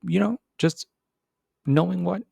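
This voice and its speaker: A man hosting a podcast, giving an animated motivational monologue, repeating words and acting out other voices. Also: unhurried, vocal fry, husky, no room sound, clean studio sound. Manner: animated, repeats words, acts out voices with big pitch jumps. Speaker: podcast host.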